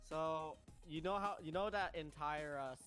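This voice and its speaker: Give me a slightly high-voiced man chatting hesitantly over clear background music. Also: moderate pace, a bit bright. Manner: hesitant, searching for words. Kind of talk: casual chat.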